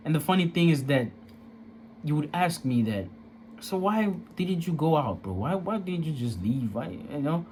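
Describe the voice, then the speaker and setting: A man's voice: a little high, animated, moderate pace, darkish tone, slight background noise. A young man candidly telling a personal story, emotional and profane, in casual street slang.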